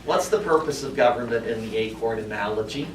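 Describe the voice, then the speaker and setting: A gentle, slow-speaking children's TV host, as a man puts him on soothes an audience of kids. The voice is soft and unhurried. It is heard from across an echoey classroom. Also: medium pitch, background noise, pitched below the performer's own voice, natural voice. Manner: slow, soothing, addresses listeners as boys and girls. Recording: echoey classroom, mic far off.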